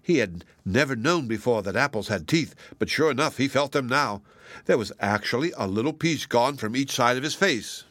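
A man reading a children's storybook aloud in a lively, expressive way. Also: medium pitch, normal speed, no echo. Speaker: narrator.

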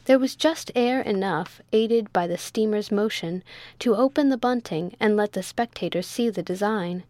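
A woman narrating a classic novel as an audiobook reader, in a steady, even storytelling manner. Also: medium pitch, normal speed, dry recording. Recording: dry close recording.

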